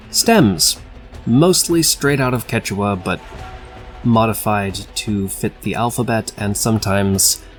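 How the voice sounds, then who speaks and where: A man casually explaining the grammar of his invented language, wry and self-correcting, with the odd swear. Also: on the low side. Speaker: conlang video creator. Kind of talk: casual screen-share lesson.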